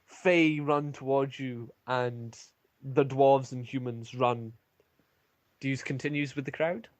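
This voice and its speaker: A man narrating a tabletop game as game master, pausing often with ums and uhs. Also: medium pitch, steady tone, no echo. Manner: hesitant, many ums.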